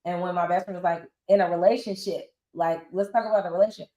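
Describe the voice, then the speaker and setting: A lively woman in her forties talks through her experiences like a friend catching up, slipping into other people's voices as she quotes them. Her voice carries a roomy echo around it. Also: fairly low pitch, quick pace, muffled recording. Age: 40s. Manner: animated storyteller acting out quotes. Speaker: interview guest. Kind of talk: casual interview talk.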